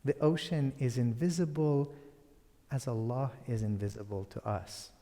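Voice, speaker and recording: Brief: male lecturer, slow, mellow, hushed phrase endings, long hall reverb. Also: medium pitch. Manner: soft and deliberate, trailing into near-whispers. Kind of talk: public lecture.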